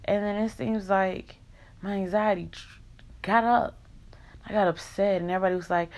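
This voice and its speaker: A woman's voice: mid-range voice, moderate pace. A young woman in an emotional vlog rant, venting in raw, profane country slang.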